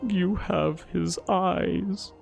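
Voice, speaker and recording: A man voicing a frail old grandfather elder who speaks slowly and haltingly, with a trembling voice. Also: fairly low pitch, steady tone, a little mellow, faint music behind. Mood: tender. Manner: slow, trembling, halting speech.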